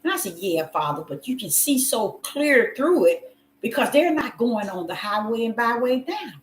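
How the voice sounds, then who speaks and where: A woman's voice: on the high side, big pitch swings, moderate pace, roomy sound, slight background noise. A woman preaching a sermon with passion, repeating phrases and calling her listeners y'all. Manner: impassioned, repetitive, addresses listeners as y'all.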